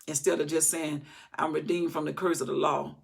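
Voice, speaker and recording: Older woman, informal Bible teaching, gravelly, husky, worn voice, animated folksy delivery. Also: low voice, brisk. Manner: folksy, animated, acts out scripture passages. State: voice recovering, slightly worn.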